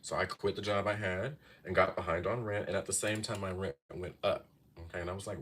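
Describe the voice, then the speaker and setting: A man's voice: deep voice, fairly even intonation, brisk, fairly bright tone, a little hiss or hum. A man in his thirties giving casual astrology advice on a live stream, talking to viewers in a chatty way and often checking in with "okay?". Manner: chatty, keeps saying "okay?" and "y'all". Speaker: astrology and tarot reader.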